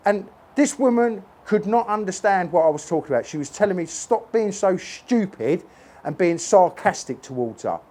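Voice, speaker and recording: Earnest high-voiced man, horse trainer. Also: expressive, moderate pace, a little mellow. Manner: earnest, emphatic, repeats points. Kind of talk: casual talk to camera while working a horse. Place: stable yard with a horse. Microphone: phone on a tripod.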